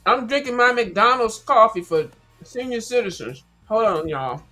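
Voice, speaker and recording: A woman's voice: on the high side, lively intonation, normal speed, sharp tone, faint music behind, poor audio. A woman hosting a casual livestream, chatting and crunching snacks into the mic, sassy and blunt and cussing freely. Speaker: livestream host. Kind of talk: casual chat while snacking.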